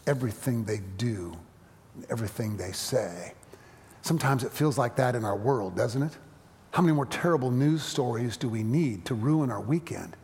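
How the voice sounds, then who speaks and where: Middle-aged male preacher, dynamic sermon delivery, long church-hall reverb. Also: medium pitch. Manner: dynamic preaching, swelling loud then dropping quiet. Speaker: pastor. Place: church sanctuary.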